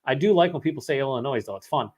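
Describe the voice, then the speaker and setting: A man's voice: mid-range voice, lively intonation, very fast, darkish tone, slightly rough. A young man hosting a long live beer vlog, rambling casually and swearing often as he reads out chat comments, his voice worn from hours of talking. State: voice worn after hours of streaming.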